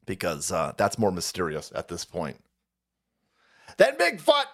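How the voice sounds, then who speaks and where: Speaking in a low voice at a normal speed, a man hosting a livestream rants about politics, swearing and mocking as he goes. He often breaks into laughter.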